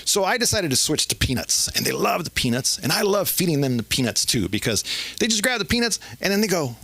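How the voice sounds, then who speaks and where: A man's voice: on the high side, sing-song, vocal fry, sharp tone, dry recording. Rambling middle-aged man doing stand-up. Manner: rambling, halting delivery with many fillers. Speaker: stand-up comedian. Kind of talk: open mic stand-up. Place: comedy club stage.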